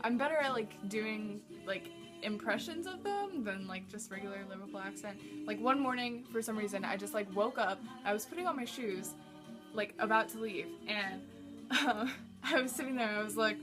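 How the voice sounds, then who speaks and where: A woman's voice: medium pitch, expressive, moderate pace, over music. A teenage girl casually answering tag questions for her vlog, rambling and filling every gap with likes and ums. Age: teens. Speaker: vlogger.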